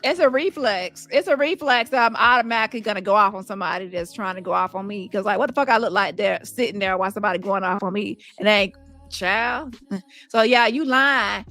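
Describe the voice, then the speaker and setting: Bright blunt woman ranting casually. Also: mid-range voice, fast, faint music behind. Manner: blunt, profane, animated, laughs often. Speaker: commentary host. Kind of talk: casual commentary reading messages aloud.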